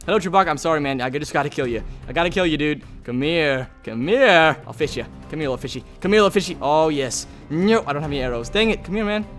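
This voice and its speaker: Talking fast with few pauses, this excitable young gaming channel host narrates his play in a somewhat high voice full of lively ups and downs. He banters with fellow players, bursts into shouting now and then, and faint music sits behind him.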